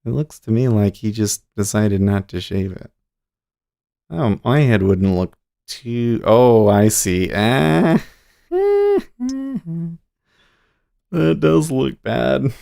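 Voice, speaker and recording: A man's voice: mid-range voice, sing-song, very slow, gravelly, pauses often, dark tone. A man hosting a day trading livestream, chatting casually and easily with his viewers and chuckling often. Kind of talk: casual live-stream chat.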